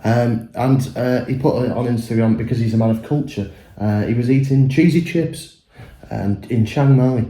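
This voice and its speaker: A man in loose pub banter, his voice mellow and dark, sweary and full of laughs. It is recorded in a roomy, echoing pub. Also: medium pitch, moderate pace. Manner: sweary, laughing, rambling with fillers. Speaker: podcast co-host. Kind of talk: casual pub chat.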